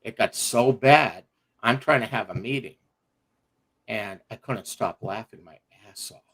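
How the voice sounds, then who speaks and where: A middle-aged man telling a personal story on a livestream, animated and profane, laughing as he goes. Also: lowish voice, unhurried, husky. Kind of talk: casual storytelling.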